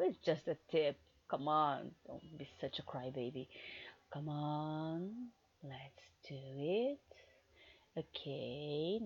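A woman performing an adult audio role-play in a teasing, commanding manner, swinging between hushed murmurs and loud outbursts. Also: sits low, husky, lo-fi sound.

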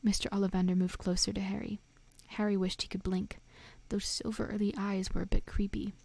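A woman reading a storybook aloud in a soft, often whispered voice. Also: medium pitch, level tone, brisk, gravelly, breathy edge. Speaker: reader.

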